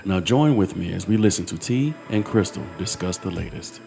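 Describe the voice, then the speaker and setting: A man reading a scripted podcast introduction in a smooth, measured announcing manner. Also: low voice, lively intonation, music in the background.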